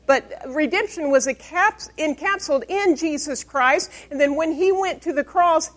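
A woman's voice: high voice, normal speed, hardly any pauses. A woman pastor preaching a Bible-study sermon. She reads scripture aloud and asks her congregation questions to prompt their answers. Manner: emphatic, call-and-response questions.

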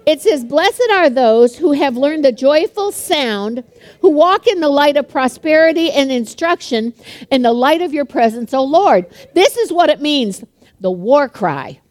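An older woman preaches a sermon to a live congregation in a quick, chatty way, full of jokes and little laughs. Her voice sits high, and she reads verses and then riffs on them at speed. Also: expressive, darkish tone, no echo. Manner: fast-talking, chatty and humorous, laughs often.

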